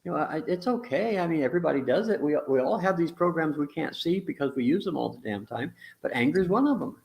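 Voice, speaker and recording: Brief: talkative man, somewhat high voice, blunt and rambling, swears casually. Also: animated, fast talker, vocal fry, a little mellow. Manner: rambling, blunt, mild swearing, acts out quotes. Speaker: relationship teacher in a conversation. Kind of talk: casual discussion.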